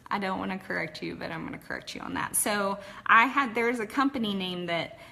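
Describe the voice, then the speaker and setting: Gravelly and sharp, this mid-range Texas voice moves fairly quick. The woman, from Texas and speaking with its accent, chats candidly about her own story, using frequent filler words.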